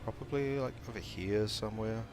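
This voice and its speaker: A man's voice: fairly low pitch, fairly quick, over music. A man chatting casually as a gaming streamer, self-mocking and humming to himself as he plays.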